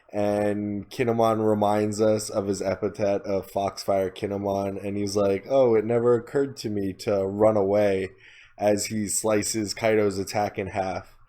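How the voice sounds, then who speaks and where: A man's voice: fairly low pitch, little pitch movement, measured pace, warm tone. A man co-hosting a podcast, casually recapping a story and quoting characters in his own voice, with lots of "like" fillers. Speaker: podcast co-host.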